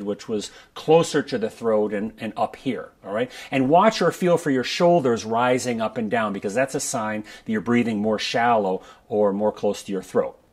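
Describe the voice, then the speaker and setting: A man teaching a breath-control exercise for brass players in a relaxed, conversational way, often checking in with the listener. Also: mid-range voice. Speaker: trombone coach. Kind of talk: instructional video talk. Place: his studio.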